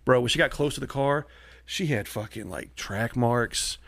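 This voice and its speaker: A man telling wild stories in casual podcast chat, profane and animated, acting out the people he quotes. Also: mid-range voice, normal speed, vocal fry, no echo. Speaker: comedian guest. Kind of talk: casual storytelling.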